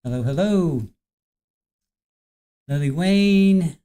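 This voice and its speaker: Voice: medium pitch, animated, extremely slow, warm tone. A livestream host in casual chat, greeting viewers one by one by name in an easygoing, chatty way.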